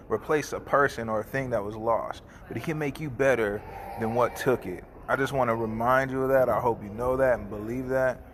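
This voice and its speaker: A man speaking casually and sincerely in a middle-pitched voice. He rambles and restarts his sentences, then moves into heartfelt prayer. A steady wash of background noise runs under the recording. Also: brisk. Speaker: barber and host.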